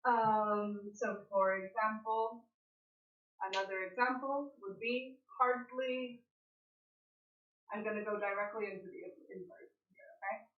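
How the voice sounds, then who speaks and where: A woman's voice: medium pitch, steady tone, measured pace. A woman teaching a live online English grammar lesson, explaining patiently and often checking in with her students. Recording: roomy, dull lo-fi sound.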